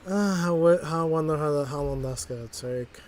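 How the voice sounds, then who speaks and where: A man's voice: a little high, normal speed, a little mellow, a little hiss or hum. A man streaming a driving game, rambling and mocking himself, laughing often at his own mistakes, talking into a desk mic. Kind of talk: casual gameplay commentary.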